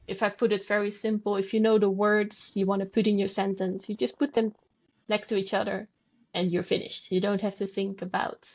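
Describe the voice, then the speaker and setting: A woman's voice: medium pitch, level tone, a little fast, muffled recording. A woman guest on a podcast, patiently explaining language and demonstrating sounds aloud. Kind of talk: conversational explanation.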